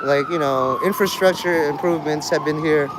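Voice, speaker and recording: A man's voice: a little high, steady tone, moderate pace, background noise. A man vlogging outdoors in a city street, rambling with sardonic asides. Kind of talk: rambling live street vlog.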